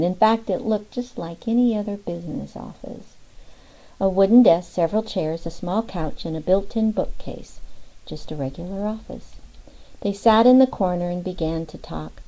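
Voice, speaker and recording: A woman reads an audiobook in a measured, expressive way. Her voice is mellow and sits a little low. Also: poor audio. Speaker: audiobook narrator. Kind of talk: scripted narration.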